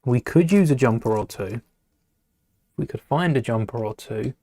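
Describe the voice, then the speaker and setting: A man's voice: mid-range voice, animated, normal speed, mellow, dry recording. A man talking casually to a live stream as he builds with LEGO, rambling, muttering to himself and greeting viewers in chat.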